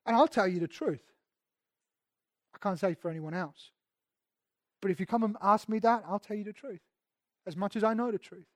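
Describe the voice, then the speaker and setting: A man's voice: sits high, moderate pace, pauses often, no room sound. Man preaching conversationally, dry sound. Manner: conversational preaching, emphatic, often repeats words. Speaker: pastor. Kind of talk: sermon.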